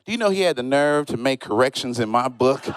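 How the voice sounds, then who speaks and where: Animated male stand-up comic on stage. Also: mid-range voice, background noise. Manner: animated storytelling, acts out friends and strangers in quoted voices. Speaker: stand-up comedian. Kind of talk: stand-up comedy set. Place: comedy show stage, live audience.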